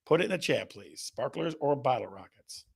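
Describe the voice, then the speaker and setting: A man's voice: medium pitch, expressive, normal speed, creaky, slightly rough. A man hosting a casual live show, upbeat and playful, reading out viewer comments from the chat. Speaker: host of a real estate live show.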